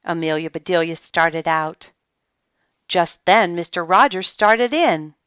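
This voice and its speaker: A woman reading a children's book aloud in a slow, expressive storytelling voice. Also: on the low side, clear, resonant tone, dry recording, highs cut off. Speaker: storybook reader.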